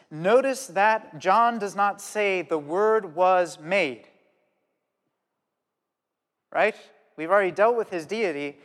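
A man preaching a sermon with a slightly raised pitch, earnest and animated as he lays out his points and tells stories from home. His voice rings out with long reverb through the church hall. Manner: earnest, animated storytelling with pauses.

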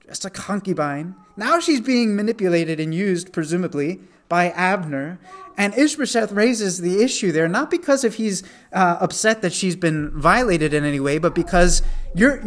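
A man teaching a Bible study in a conversational way, often asking rhetorical questions. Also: high-pitched.

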